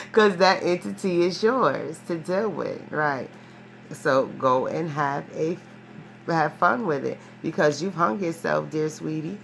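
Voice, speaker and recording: A woman with a deep, low voice talks through a tarot reading in a loose, conversational way. She is emphatic and profane, circles back on her own phrases, and keeps asking "right?" There is a faint background hiss. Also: gravelly. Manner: rambling and profane, ends phrases with a questioning "right?"; animated, emphatic storytelling with frequent restarts. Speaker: tarot reader. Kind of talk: casual spoken tarot reading.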